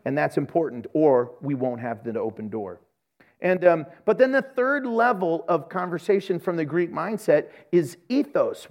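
A man preaching a sermon as pastor, speaking passionately and acting out the voices of the people he quotes. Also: fairly high pitch. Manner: animated, jumps between soft asides and loud bursts.

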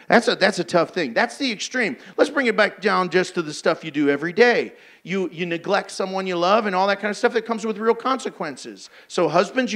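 A man's voice: sits high, fairly bright tone. A man preaching a sermon in a blunt, emphatic, exhorting way.

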